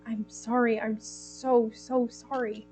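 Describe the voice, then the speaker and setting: A woman's voice: fairly high pitch, flat delivery, slow, a little mellow, soft background music, rough recording. A woman voicing a kind, earnest young royal, speaking in a tender, reassuring way.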